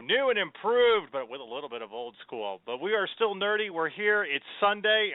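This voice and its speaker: A man's voice: a little high, clean tone, no echo. Chatty male host, tinny phone-like sound. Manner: upbeat, chatty, rambling with fillers. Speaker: podcast host. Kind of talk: casual radio show chat.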